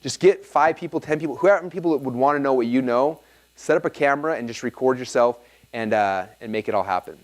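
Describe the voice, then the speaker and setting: Here a mid-range male voice speaks fast, belonging to a man running a live workshop seminar that's been filmed. He tells his stories energetically and animatedly, often pausing to check in with listeners.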